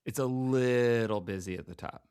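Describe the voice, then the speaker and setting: A man's voice: mid-range voice, normal speed, darkish tone, smooth, no room sound, clean studio sound. A man co-hosting a podcast, chatting casually about comic books with laid-back, wry asides. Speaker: podcast co-host. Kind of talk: casual comic book discussion.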